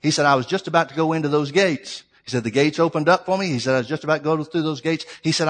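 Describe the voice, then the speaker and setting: A male pastor preaching a sermon, telling a story and swinging between loud, fervent preaching and quiet asides. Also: on the high side, fast, hardly any pauses. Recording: long hall reverb.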